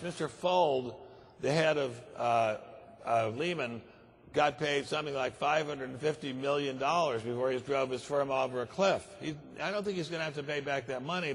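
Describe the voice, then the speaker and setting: Older male keynote speaker, husky, grave and emphatic, long hall reverb. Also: mid-range voice. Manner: grave, emphatic, repeats words for stress. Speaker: conference speaker. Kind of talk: keynote speech. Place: large conference hall.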